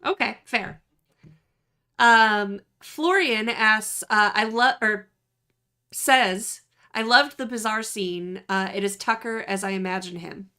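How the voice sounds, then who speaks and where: Bright-voiced woman host. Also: mid-range voice, slow, clean tone. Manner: giggly, laughs often. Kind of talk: casual interview chat.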